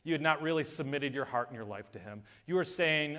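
A man's voice: medium pitch, expressive, fairly quick. Man preaching in a reverberant hall. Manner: swings from hushed asides to loud emphatic preaching. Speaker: pastor. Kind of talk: sermon. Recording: dull sound with long hall reverb.

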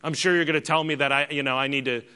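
Bright-voiced preacher man. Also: steady tone, very fast, clear, resonant tone. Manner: preaching, swinging from hushed to loud and high; direct address to congregation, rhetorical questions. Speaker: pastor. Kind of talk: sermon.

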